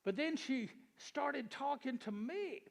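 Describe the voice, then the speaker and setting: A man with a high, gravelly voice tells a seminar audience a joke, then turns it into a lesson. His manner is folksy and chatty, and he stops to ask the room questions. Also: animated, slow. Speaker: real estate seminar speaker. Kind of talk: joke-telling seminar talk to a live audience.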